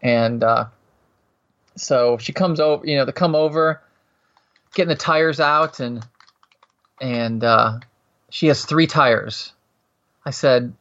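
A man chatting casually and telling long stories, full of restarts, acting out quotes in a higher voice. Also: takes it slowly, long pauses, fairly bright tone. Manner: rambling storyteller, acts out quotes in a higher voice. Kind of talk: casual chat. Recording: muffled, lo-fi sound.

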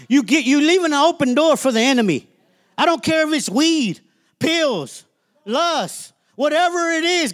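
A man's voice: very high voice, a bit bright. A man preaching a sermon as a minister, emphatic and conversational, repeating phrases and laughing as he talks.

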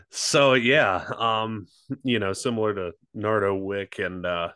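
Lowish-voiced man chatting on a podcast. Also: takes it slowly, pushed and bright, dry recording, clean studio sound. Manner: rambling, loose delivery with many fillers and restarts; swears freely. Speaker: podcast co-host. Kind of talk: casual chat.

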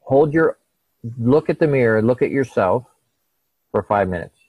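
A man's voice: mid-range voice, normal speed, no echo, narrow, tinny audio. A middle-aged man, a guest, telling a personal story in conversation and acting out the voices of the people in it. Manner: animated, acts out quoted dialogue.

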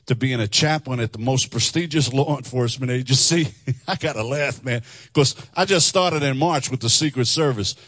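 A middle-aged man preaching a testimony sermon, animated, singing phrases and laughing asides. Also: mid-range voice, dry recording, studio quality. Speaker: chaplain and preacher. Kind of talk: testimony sermon with sung lines. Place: church hall before a congregation.

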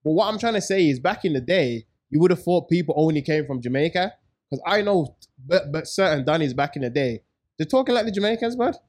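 A man's voice: on the high side, animated, brisk, a little mellow. A man co-hosting a podcast, telling jokey stories in heavy slang. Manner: joking, slangy, storytelling. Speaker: podcast co-host. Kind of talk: casual podcast banter.

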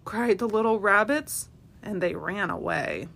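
A woman, a parent hosting a family podcast, reading a children's storybook aloud with expressive, animated delivery. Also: mid-range voice, measured pace, creaky.

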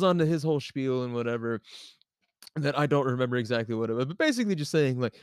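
Young male podcast co-host, lively, rambling storyteller, laughs a lot, dry voice. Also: mid-range voice, fast talker, clean tone, no room sound. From American South. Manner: animated, laughs often, many fillers. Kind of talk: casual storytelling chat.

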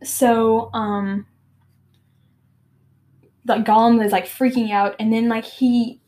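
Teenage girl, podcast host, chatty book retelling, lots of fillers, fairly high voice. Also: level tone, takes it slowly, dark tone. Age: teens. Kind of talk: casual book retelling and reading aloud.

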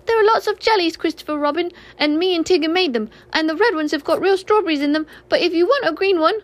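A woman voicing a small, eager baby kangaroo boy in a storybook reading, chattering brightly. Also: very high voice, quick pace, pitched above the performer's own voice.

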